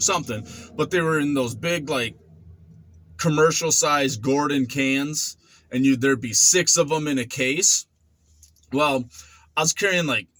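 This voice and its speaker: A man's voice: mid-range voice, no room sound. Man in his forties telling a story. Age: 40s. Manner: animated, acts out quotes and sound effects. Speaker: vlogger. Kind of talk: casual storytelling.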